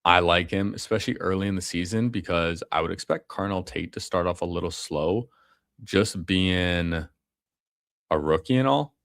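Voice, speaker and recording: A man with a low voice talks through his fantasy football draft in a loose, slangy way, tossing in bro and man. He sounds relaxed and conversational. His voice is close and dry, with no room sound. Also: normal speed, no echo. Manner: casual, slangy, calls people bro and man. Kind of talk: casual live commentary.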